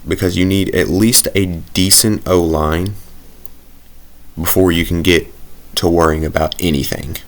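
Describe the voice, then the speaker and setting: Deep-voiced man rambling over gameplay. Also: fairly even intonation, unhurried. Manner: rambling, self-deprecating, thinking aloud. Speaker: gaming commentator. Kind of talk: casual gameplay commentary.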